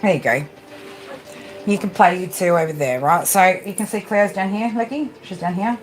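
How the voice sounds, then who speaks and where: A woman's voice: medium pitch, normal speed, soft background music. A woman tarot reader hosting a casual live stream from home, chatty and swearing freely as she talks to viewers and her pets by name.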